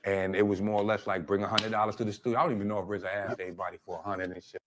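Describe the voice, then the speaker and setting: A man in a played interview clip, telling stories in relaxed street slang. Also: lowish voice, background noise. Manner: laid-back street slang, quick. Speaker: interviewed musician.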